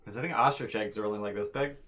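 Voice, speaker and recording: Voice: medium pitch, fairly bright tone. Player musing aloud at a game table. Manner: halting, repeats words when thinking aloud. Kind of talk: casual chat at a game table.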